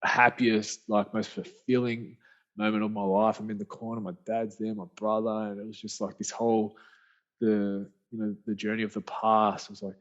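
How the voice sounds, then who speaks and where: On a podcast, an Australian man who is an author and speaker tells a rambling story in a low voice at normal speed. His delivery is animated and slangy, with many restarts. Dull, lo-fi audio captures it.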